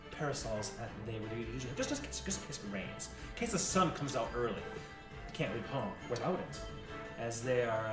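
A man narrating a tabletop game as game master, in a lively storytelling manner. His voice sits a bit back from the mic in an echoey room, with music running underneath. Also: medium pitch, distant mic.

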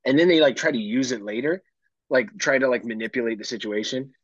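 Male co-host, raspy voice, dry lo-fi sound, crude teasing banter. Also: medium pitch, brisk, no room sound. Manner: blunt, profane, teasing banter. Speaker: podcast co-host. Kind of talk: casual chat.

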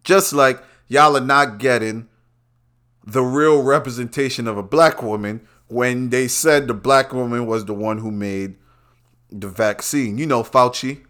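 A brash man from Brooklyn hosts a podcast in a loose, profane monologue. His voice sits in a middle pitch. He drops into low mutters and then jumps up into loud, emphatic outbursts. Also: unhurried. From Brooklyn, New York. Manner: brash, loud and rambling, swings between soft asides and shouts. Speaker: podcast host. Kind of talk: profane casual commentary monologue.

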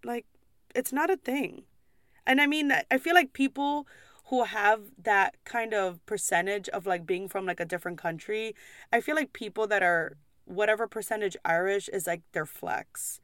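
A young woman from the United States rants to the camera about her job serving in a pub, swearing freely and then apologizing. Her voice sits at an ordinary middle pitch. The sound is dry and close, with no room echo. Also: a bit bright, smooth. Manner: blunt, swearing, quick asides and apologies. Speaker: pub server. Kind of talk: casual vlog rant.

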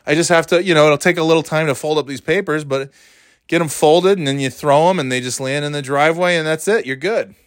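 A man's voice: on the high side, fast talker, no echo, clean studio sound. A man telling a casual, rambling story about his past, often interrupting himself and laughing.

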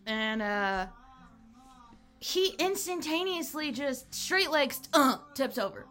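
A woman's voice: high-pitched, animated, takes it slowly, bright, forceful tone, faint music behind. A young woman co-hosting a podcast, chatting casually with dry humor and frequent laughter. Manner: laid-back, dry humor, laughs often. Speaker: podcast co-host. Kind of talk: casual chat.

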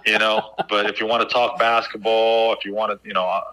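A man's voice: on the low side, brisk, poor audio. A man in his fifties, a basketball coach telling stories in a casual interview, full of fillers like "like" and "right?". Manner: animated storyteller, many "like" and "right?" fillers. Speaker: basketball assistant coach, guest.

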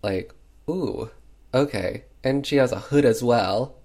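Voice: medium pitch, takes it slowly, a little mellow. A film reviewer recapping a movie in casual chat, full of fillers and sarcastic asides.

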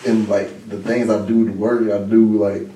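A man hosting a podcast in casual chat, blunt and animated, talking in quick bursts. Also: lowish voice, distant mic. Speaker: podcast host. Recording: roomy echo, mic set back.

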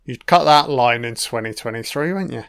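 A man's voice: mid-range voice, moderate pace, fairly bright tone, clean tone. A young man giving casual, wry film commentary, swearing freely as he reacts to the scenes. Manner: profane, wry running remarks.

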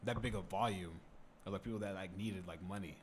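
A young man co-hosting a podcast, chatting casually in a quick, animated way, with lots of "like" fillers. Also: sits low, slight background noise. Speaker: podcast co-host. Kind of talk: casual chat.

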